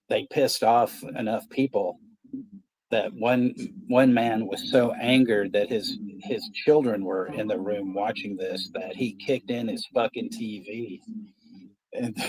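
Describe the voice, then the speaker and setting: A man's voice: mid-range voice, darkish tone, breathy edge, poor audio. A man in his fifties with a Texan accent, hosting a casual watch-party stream and rambling through stories with plenty of swearing. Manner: rambling storytelling, heavy swearing. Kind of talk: casual livestream chat.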